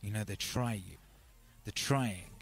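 A man's voice: on the low side, unhurried, breathy edge. A man hosting a live music stream, rambling in casual chat and calling out to viewers as brothers and sisters.

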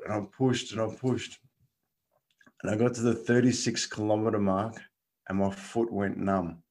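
A man, a guest casually telling a story and laughing through it. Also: lowish voice. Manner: animated, laughs through his stories.

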